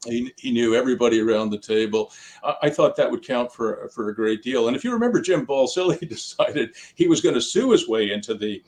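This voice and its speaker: A man's voice: medium pitch, expressive, fairly quick, a little mellow. An older man talks easily as an interview guest, spinning anecdotes in a chatty way. His voice sits in an ordinary middle range. He laughs lightly as he makes his points. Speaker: guest, sports team founder. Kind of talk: casual interview talk. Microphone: on camera, video interview.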